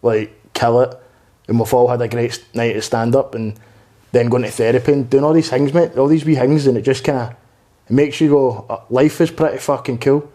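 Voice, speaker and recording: Young male comic guest, mellow low-toned voice, rambling candid chat with plenty of swearing. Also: steady tone, brisk. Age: 20s. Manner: rambling, earnest, peppered with swearing and "mate". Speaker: podcast guest, stand-up comedian. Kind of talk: candid conversational interview.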